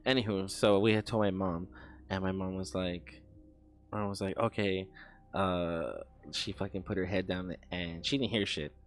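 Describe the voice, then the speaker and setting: A man's voice: sits low, fairly even intonation, normal speed. A young man casually telling a rambling story while editing video, swearing often and restarting his sentences. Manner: rambling, profane, with many restarts.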